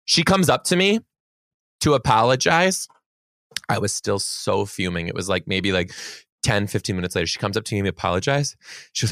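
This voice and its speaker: A man's voice: lowish voice, normal speed, no room sound, studio quality. Heated young man telling a story. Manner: animated, heated retelling with swearing. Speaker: podcast co-host, former teacher. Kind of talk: casual storytelling chat.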